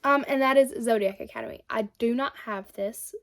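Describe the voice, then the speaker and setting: A woman, talking books in a relaxed vlog. Her voice sits a little high, and she speaks with a chatty, eager enthusiasm, stopping now and then to correct herself. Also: a little fast. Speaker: book vlogger. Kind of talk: casual chat.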